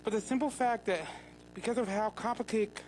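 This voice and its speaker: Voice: medium pitch, a little fast, darkish tone, a little hiss or hum, low-quality recording. Earnest citizen addressing a legislature. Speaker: public commenter. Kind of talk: public comment at a legislature hearing. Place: county legislature hearing room.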